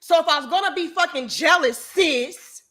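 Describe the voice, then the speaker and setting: In a very high, fairly bright voice at normal speed, a woman vents on camera as a vlogger. She calls her audience "y'all" and speaks to them directly, bluntly, profanely and with raw emotion.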